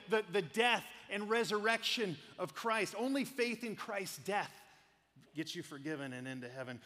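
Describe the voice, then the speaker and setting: A middle-aged man preaching a sermon, telling stories in an animated way and acting out the voices of the people in them. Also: high voice. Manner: storytelling, animated, acts out quoted voices. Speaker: pastor. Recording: long hall reverb.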